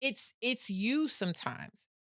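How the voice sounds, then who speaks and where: A woman's voice: a little high, big pitch swings, slow, fairly bright tone, dry recording, clean studio sound. A woman guest on a podcast, a business owner talking candidly in casual conversation, often laughing and repeating words as she starts sentences.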